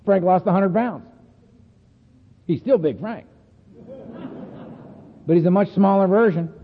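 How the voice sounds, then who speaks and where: Man, high voice, animated storyteller, frequent laughs, tinny phone-like sound, long hall echo. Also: a little slow, a little hiss or hum. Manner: animated, chatty, laughs often, tags lines with "man" and "right?". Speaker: speaker sharing at a recovery meeting. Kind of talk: storytelling talk. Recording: echoey hall over a tinny phone-like line.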